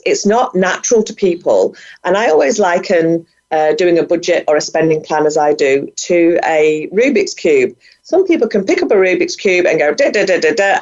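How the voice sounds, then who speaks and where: Middle-aged female guest, enthusiastic and chatty, low-pitched, dull call audio. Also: darkish tone. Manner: enthusiastic, chatty, laughs often. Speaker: guest, budgeting coach. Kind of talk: casual interview talk. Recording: muffled, lo-fi sound.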